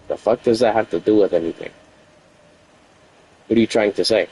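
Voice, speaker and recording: A man with a fairly low voice vents to his stream about a fight, circling back over the same points. He sounds aggrieved and keeps repeating himself as he rambles. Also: a little fast, pauses often, a little mellow, husky, rough recording. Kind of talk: venting to stream about a relationship argument.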